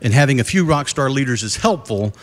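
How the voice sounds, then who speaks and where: Man, middle-aged, conference keynote, folksy joke-telling, stage mic, middle pitch. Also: expressive, fairly quick. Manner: folksy storytelling with jokes and crowd questions. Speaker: keynote speaker. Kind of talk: live conference talk. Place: conference stage before a live audience.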